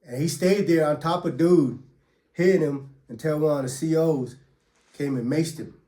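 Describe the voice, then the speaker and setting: A man's voice: a little high, moderate pace, mellow. Man swearing through a story, echoey room. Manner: profane, street slang, acts out quotes and blows. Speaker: former prisoner telling his story. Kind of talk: casual storytelling.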